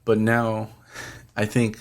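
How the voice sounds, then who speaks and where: A man's voice: lowish voice, completely flat delivery, slow pace. A man hosting a podcast, talking earnestly and rambling in casual chat, swearing freely. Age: adult, past his twenties. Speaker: podcast host.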